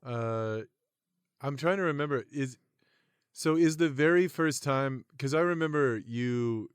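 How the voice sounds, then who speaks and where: Smooth-voiced, deadpan man riffing. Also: mid-range voice, measured pace, no echo, clean studio sound. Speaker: podcast co-host. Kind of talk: casual chat.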